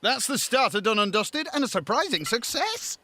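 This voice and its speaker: A man's voice: very high voice, sing-song, moderate pace, bright, forceful tone, no room sound. A man narrating a reality cooking show in a scripted voice-over, dry and teasing with sarcastic asides. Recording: voice-over with music behind.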